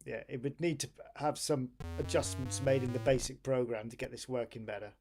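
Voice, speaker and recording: Tired male streamer, casual, self-talking commentary, mid-pitched voice. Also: fairly even intonation, a little fast. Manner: tired, thinking aloud while waiting on a computer. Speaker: retro computing streamer.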